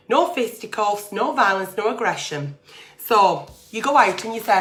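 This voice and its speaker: A woman's voice: medium pitch, animated, normal speed, fairly bright tone. A woman, hosting an agony-aunt livestream and giving blunt, sweary, plain-spoken advice. She talks in a chatty way, reading out letters and then answering them.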